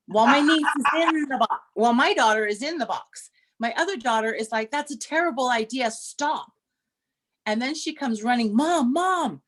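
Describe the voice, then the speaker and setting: A middle-aged woman co-hosting a casual chat, telling stories with restarts and animated quoted voices. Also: on the high side. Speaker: podcast co-host.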